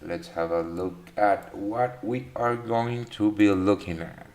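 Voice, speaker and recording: A man's voice: lowish voice, takes it slowly, darkish tone. A man hosting a live trading webinar, chatting casually, greeting viewers by name with many fillers and restarts. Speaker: trading session host.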